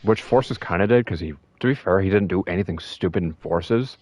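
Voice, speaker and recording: A man chatting casually as a fan, animated and full of restarts. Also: sits low, brisk, dry recording. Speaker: fan discussing a movie trailer. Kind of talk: casual chat. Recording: dull lo-fi dry sound.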